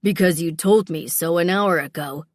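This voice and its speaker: A woman voicing a rugged male mountain guide in an audiobook, gruff and dry in a dry-sounding recording. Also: on the low side, normal speed, no echo, natural voice. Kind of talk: audiobook character voice.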